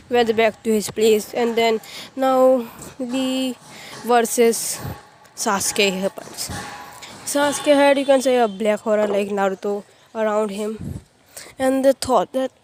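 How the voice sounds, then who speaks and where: A woman's voice: a little high, fairly even intonation, measured pace, a little mellow, slight background noise. A woman casually retelling a fan story in a rambling, filler-heavy way with frequent restarts.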